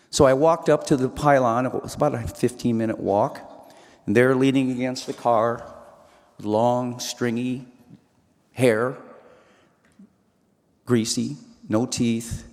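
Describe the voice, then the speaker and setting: Male speaker, middle pitch, personal story talk, reverberant hall. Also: darkish tone. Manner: earnest storyteller with quoted dialogue.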